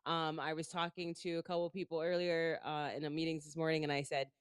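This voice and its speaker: A woman's voice: sits low, flat delivery, quick pace, clear, resonant tone, no room sound, clean studio sound. Chatty woman with a stuffy, nasal cold. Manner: chatty, explains things step by step. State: congested with a sinus cold. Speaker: co-host. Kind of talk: casual chat on a live audio room.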